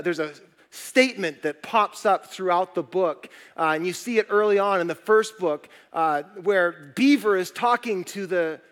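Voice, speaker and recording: High-voiced man preaching in a reverberant hall. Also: fairly bright tone. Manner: conversational, asks the congregation questions. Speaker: pastor. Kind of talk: sermon. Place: church auditorium. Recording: long reverb of a large hall.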